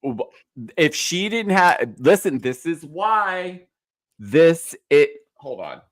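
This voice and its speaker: A man's voice: a little high, big pitch swings, slow pace. A man hosting a podcast recap in casual, campy, sarcastic chat. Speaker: podcast host.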